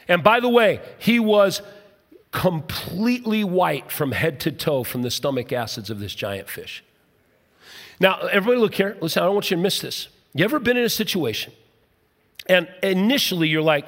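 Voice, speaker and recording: A man's voice: animated, moderate pace. Preaching man in a reverberant hall. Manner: jokey, conversational preaching with sudden drops to a soft, low voice. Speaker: pastor. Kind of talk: sermon.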